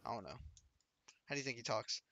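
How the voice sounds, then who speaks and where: A man's voice: mid-range voice, expressive, fast talker, bright, forceful tone, dry recording. A man streaming a game, chatting casually with his viewers and teasing his friends. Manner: joking, teasing banter with chat and friends.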